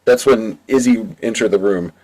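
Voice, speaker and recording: A man's voice: on the low side, moderate pace, darkish tone, poor audio. A man narrating his own amateur audiobook in a plain, casual storytelling way. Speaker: audiobook reader. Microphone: home mic.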